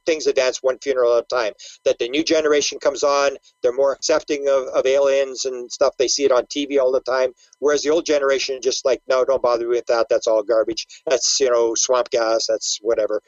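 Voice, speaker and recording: A man's voice: mid-range voice, dry recording, muffled recording. An older man, a guest researcher, talking casually in an interview, telling stories with animation, acting out quotes and stumbling over repeated words.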